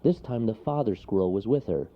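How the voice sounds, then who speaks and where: A man reading a children's storybook aloud with expressive delivery. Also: lowish voice, a little fast. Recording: lo-fi recording.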